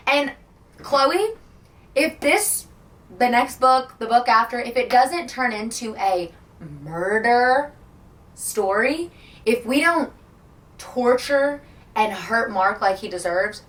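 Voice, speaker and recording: A woman's voice: medium pitch, fairly bright tone, far from the mic. A woman book vlogger reacting emotionally to a novel in casual talk, gushing and full of "like". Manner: gushing and emotional, heavy filler "like". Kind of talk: casual reading-vlog reactions.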